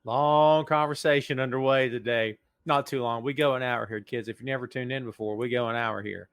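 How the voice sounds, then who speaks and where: A man's voice: medium pitch, steady tone, fairly quick, a bit bright, smooth, no room sound, studio quality. A man hosting a casual podcast livestream, joking around and greeting viewers in the chat by name. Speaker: podcast host.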